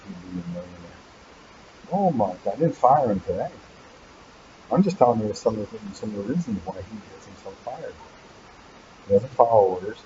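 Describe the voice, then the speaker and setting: Male host, lowish dark voice, teasing rambling live chat, muffled webcam audio. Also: noisy background. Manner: teasing, rambling, joking about a helper. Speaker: channel host. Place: animal hospital waiting area.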